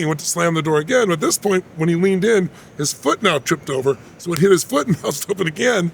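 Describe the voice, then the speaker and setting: A man's voice: a little high, expressive, fast talker, creaky, hardly any pauses, slight background noise. A man, an interview guest, telling a personal story with animation and acting out the quoted voices.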